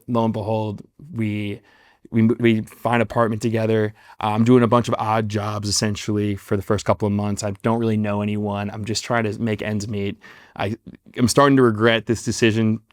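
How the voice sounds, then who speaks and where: Low, even-toned young man telling his story. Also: smooth, no echo, studio quality. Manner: rambling, self-deprecating, many fillers and restarts. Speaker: guest actor. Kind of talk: casual interview storytelling.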